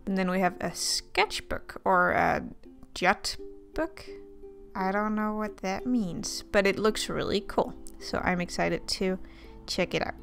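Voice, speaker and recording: A woman's voice: mid-range voice, animated, unhurried, creaky, fairly bright tone. A young woman chatting casually as she unboxes art supplies, playful and a little sarcastic. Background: faint guitar music.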